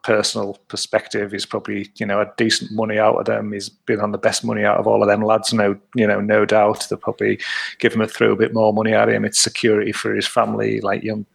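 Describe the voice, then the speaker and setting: A man's voice: fairly low pitch, completely flat delivery, quick pace, gravelly, breathy edge. A man co-hosting a podcast, rambling through casual chat with many restarts. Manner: rambling, many restarts, laughs while talking. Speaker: podcast co-host.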